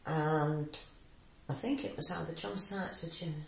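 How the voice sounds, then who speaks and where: An older woman from recalls her past, a gravelly voice with a lively storyteller's way of acting out the people she quotes. The recording is echoey and dull. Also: sits low, measured pace. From Sheffield area, England. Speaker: interviewee. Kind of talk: oral history reminiscence.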